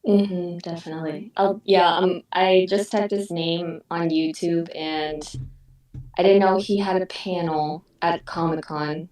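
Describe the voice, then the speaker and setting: A woman chatting slowly and haltingly in an online meeting, using plenty of fillers. Her voice sits a little low. The sound is roomy and distant. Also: steady tone, darkish tone. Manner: hesitant, many fillers. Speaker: voice actor in a group meeting. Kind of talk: casual chat. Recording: echoey room, distant mic.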